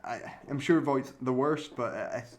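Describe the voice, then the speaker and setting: A man's voice: medium pitch, a little slow. A man co-hosting a podcast, reacting bluntly and swearing in casual film chat. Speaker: podcast co-host. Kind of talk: casual chat reviewing films.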